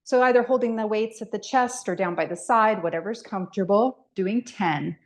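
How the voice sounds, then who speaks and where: A middle-aged female fitness instructor with a mid-range voice leads a guided workout class at a moderate pace, counting reps and giving step-by-step movement cues. The room sounds echoey.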